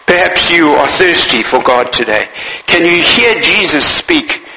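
A man's voice: on the high side, animated, measured pace, creaky, pushed and bright, roomy sound, in a large hall, slight background noise, low-quality recording. A male preacher giving a sermon in a church, repeating key phrases and asking his listeners rhetorical questions.

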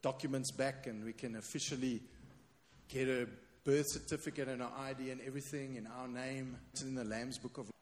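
A man's voice: medium pitch, fairly even intonation, brisk. A man preaching a sermon as pastor, emphatic and repeating his key refrain. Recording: long hall reverb.

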